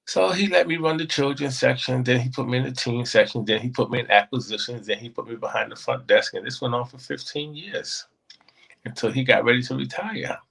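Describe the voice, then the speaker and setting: A man telling a personal story as a guest, in an animated way that acts out the voices of the people in it. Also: mid-range voice, brisk, gravelly, breathy edge, low-quality recording.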